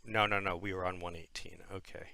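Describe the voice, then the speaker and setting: A man, a podcast co-host, chatting casually in a halting way. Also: deep voice, fairly even intonation, gravelly, bright, forceful tone. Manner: halting, with fillers and restarts. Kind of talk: casual chat.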